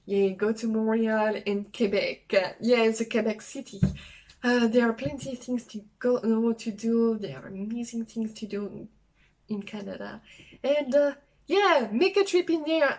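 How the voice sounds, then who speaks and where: A young woman from France with a French accent, chatting casually and haltingly in a travel vlog, with many fillers. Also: on the high side, darkish tone, poor audio. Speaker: travel vlogger. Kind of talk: casual solo vlog talk.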